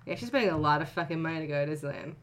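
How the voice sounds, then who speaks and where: A woman's voice: low-pitched, animated, very fast, slight background noise. A woman co-hosting a casual chat, joking and swearing freely and reading fan fiction aloud. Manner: profane, joking. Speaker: podcast co-host.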